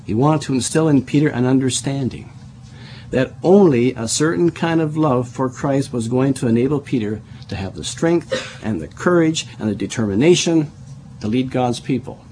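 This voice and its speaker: A man's voice: medium pitch, mellow, a little hiss or hum. A middle-aged man preaching a Bible study sermon, explaining verse by verse, spelling out words and often repeating himself as he restarts.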